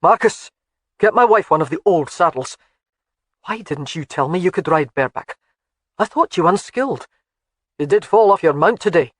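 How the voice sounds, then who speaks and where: A narrator voicing a proud, commanding Highland laird who barks orders at his wife and his men, in a storybook reading. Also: lively intonation, moderate pace, pauses often, no room sound, studio quality, lightly acted. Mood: firm.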